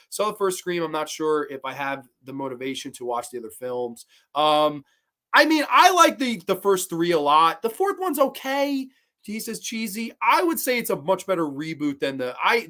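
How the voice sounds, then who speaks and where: A man's voice: a little high, fairly bright tone. Man in a profane, heated rant. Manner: laughs between outbursts, reads viewer comments. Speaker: horror movie show host. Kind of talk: casual livestream rant.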